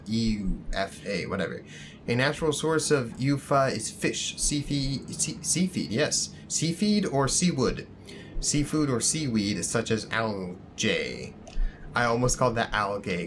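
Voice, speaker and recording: A man's voice: mid-range voice, background noise. A man hosting a gaming channel, giving casual let's-play commentary in a jokey, rambling, self-deprecating way. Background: game music.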